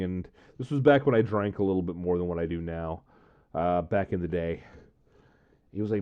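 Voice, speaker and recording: A man's voice: low voice, normal speed, mellow, clear, resonant tone, lo-fi sound. A man telling a long personal story on his vlog in a casual, rambling way, with many fillers and "uh, um"s. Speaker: vlogger.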